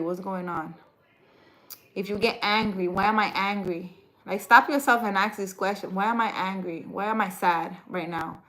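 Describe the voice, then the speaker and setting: A woman chatting live with her viewers in a loose, conversational way. She jokes and teases in one breath and lectures with earnest conviction in the next. Her pitch sits right in the middle, neither high nor low. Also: a bit bright, poor audio. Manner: playful and teasing, then earnest and instructive. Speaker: livestream spiritual advisor. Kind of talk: casual livestream chat reading viewer comments.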